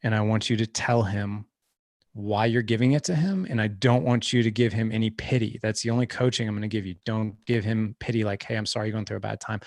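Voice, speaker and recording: A man's voice: on the low side, gravelly, no room sound, clean studio sound. A middle-aged man telling a story earnestly in casual conversation, with many restarts. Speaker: guest.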